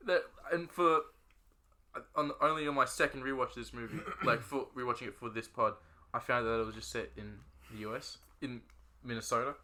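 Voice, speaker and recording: A man's voice: mid-range voice, fairly even intonation, bright, forceful tone. A young man co-hosting a podcast, chatting casually and joking, with frequent swearing. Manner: swears freely, quick joking interjections. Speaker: podcast co-host. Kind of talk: casual film chat.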